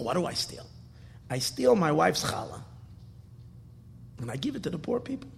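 A rabbi preaching in dramatic storytelling style, his high voice leaping and dropping from shouts to whispers. His tone is gravelly and husky. A long hall reverb trails behind him. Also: very animated, normal speed, pauses often. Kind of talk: sermon storytelling. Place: hall at a Torah dedication.

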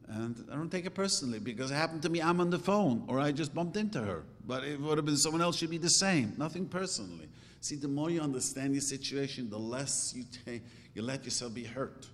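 Middle-aged man preaching to a congregation, earnest and repetitive, mid-pitched, long hall reverb. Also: slight background noise. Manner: earnest, repeats phrases, asks rhetorical questions. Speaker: religious teacher. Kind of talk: sermon to a live audience.

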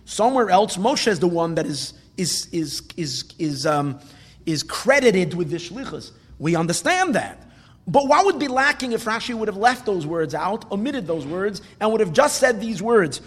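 Male Torah teacher, high voice, long reverb of a hall, questioning lecture style. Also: very animated, normal speed, husky. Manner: questioning, explains Hebrew phrases with translations.

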